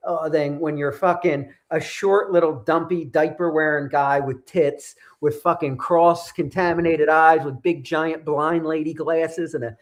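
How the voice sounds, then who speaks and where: A man's voice: a little high, steady tone, unhurried, hardly any pauses. A man hosting a show, chatting casually in crude, rambling banter and laughing often. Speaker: show host. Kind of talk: casual podcast chat.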